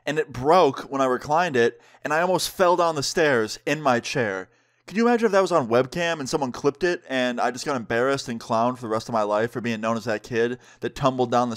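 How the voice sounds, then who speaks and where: Young guy vlogger, casual animated storytime, mid pitch. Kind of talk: storytime vlog.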